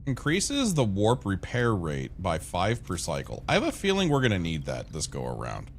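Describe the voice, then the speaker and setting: A gaming streamer with a low voice and wildly swooping pitch chats casually with viewers at normal speed while he plays. He rambles and swears freely, with slight background noise in the audio.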